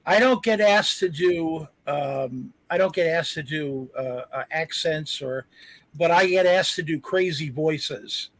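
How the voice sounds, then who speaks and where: A man's voice: on the high side, a little slow, a bit bright, dry recording. A man who acts, chatting casually on a panel in a self-deprecating, rambling way. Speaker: actor guest on a panel.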